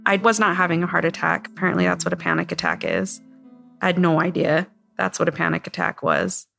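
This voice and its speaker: A woman's voice: on the low side, big pitch swings, brisk, gravelly, over music. A woman in her thirties from Utah, candidly retelling a painful experience in her own words. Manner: candid, retelling with many quoted asides. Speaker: interviewee. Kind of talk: emotional personal testimony.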